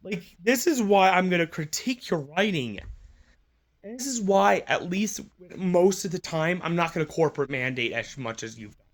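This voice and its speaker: Angry male commentator, profane and mocking, voice on the higher side. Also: expressive, normal speed. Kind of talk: ranting commentary. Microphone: phone.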